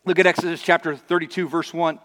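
A man's voice: on the high side, level tone, fast, a bit bright. A man preaching a sermon as pastor, conversational with acted asides. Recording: long reverb of a large hall.

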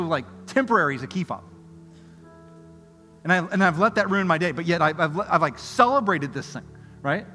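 A middle-aged man preaching a sermon, telling a story in a lively, conversational way, going from loud excitement to quiet earnest appeals. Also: on the high side. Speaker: pastor. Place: church auditorium. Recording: music under voice in a reverberant hall.

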